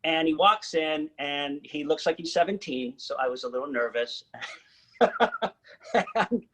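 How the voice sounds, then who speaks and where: A man telling his own story casually to an audience, animated and joking at his own expense. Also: fairly high pitch, unhurried, low-quality recording. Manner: animated, joking, self-mocking. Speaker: singer-songwriter and cancer survivor speaker.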